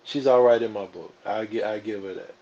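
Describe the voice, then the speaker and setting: A man's voice: lowish voice, a little fast, darkish tone, highs cut off. A man in his forties, a guest on a casual livestream chat, talking in an easygoing, laid-back way. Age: 40s.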